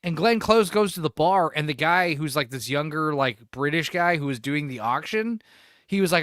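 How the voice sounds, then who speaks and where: A man's voice: a little high, expressive, moderate pace, a bit bright, clean tone, no room sound, studio quality. A man hosting a podcast, rambling and profane in casual chat, laughing often. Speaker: podcast host.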